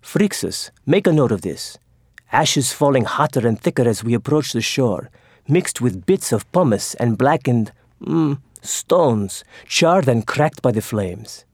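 A man's voice: mid-range voice, animated, unhurried, dry recording, clean studio sound. A man voicing a stubborn old Roman admiral with a wheezy, commanding voice. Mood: fascinated.

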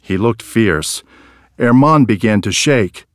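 A man narrating a storybook tale in a slow, expressive reading. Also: fairly low pitch, no echo, studio quality.

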